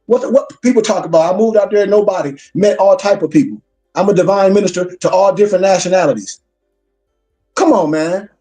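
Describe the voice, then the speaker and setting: In a high yet mellow voice, a male minister gives a class lecture at a fairly quick pace. His delivery is emphatic and preacherly, looping back to repeat key lines, while faint music hums in the background.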